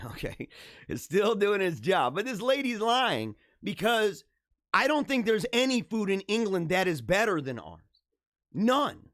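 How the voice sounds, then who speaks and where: Live show host, man, high voice that swoops all over, comic rants, dry close sound. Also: no room sound. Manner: animated, ranting, jokey; laughs often. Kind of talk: casual live-stream commentary.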